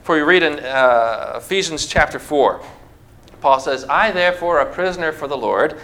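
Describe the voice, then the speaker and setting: A man with a high, bright voice delivers a sermon in a church, speaking directly to his congregation. He leans on rhetorical questions and hands-on object lessons in a conversational preaching style. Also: normal speed. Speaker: pastor.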